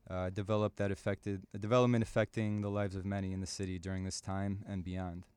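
A man from the Chicago area giving a measured, prepared talk on the radio, with occasional fillers and self-corrections. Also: sits low, flat delivery, a little mellow, clean tone. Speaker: radio presenter and publisher.

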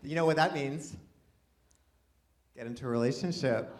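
A man doing a rambling, self-deprecating stand-up comedy set with excited outbursts, before a live audience. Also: on the high side, normal speed, long pauses, background noise.

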